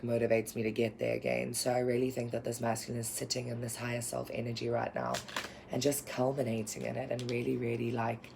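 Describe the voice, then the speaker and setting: A woman talks through a spiritual tarot reading in an earnest, meandering way, her words often trailing off into fillers. Her voice carries a gravelly vocal fry, and a faint hiss sits under it. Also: rumbling low. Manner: rambling, earnest, lots of fillers. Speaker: tarot reader.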